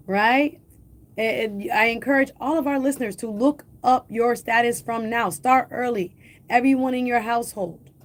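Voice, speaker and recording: A radio talk show host, a woman with a slightly high voice, speaks urgently to her listeners. She is emphatic and repeats her key points, asking rhetorical questions and addressing the audience directly.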